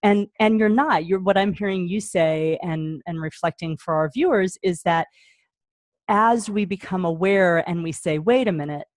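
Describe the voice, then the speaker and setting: A woman's voice: fairly low pitch, moderate pace, dry recording. Affirming woman host, dry close sound. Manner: affirming, frequent mm-hmms, thoughtful restarts. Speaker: parent coach host. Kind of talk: interview, reflecting back to guest.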